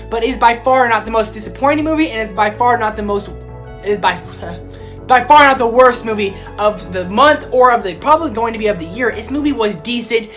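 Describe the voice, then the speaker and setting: A woman reviewing films in a casual vlog, excitable and easily riled up as she rants. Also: on the high side. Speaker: film vlogger. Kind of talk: casual movie review rant.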